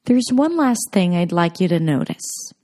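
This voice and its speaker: A woman narrating a scripted pronunciation lesson, speaking clearly and deliberately as she models example sentences. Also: fairly low pitch, big pitch swings, mellow. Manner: slow, clear, deliberate demonstrations. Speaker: pronunciation teacher.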